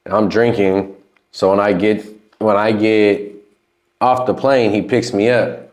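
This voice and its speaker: A man's voice: lowish voice, flat delivery, a little slow, darkish tone. A man hosting a podcast, chatting casually and telling loose, profane stories about studio sessions. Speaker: podcast host.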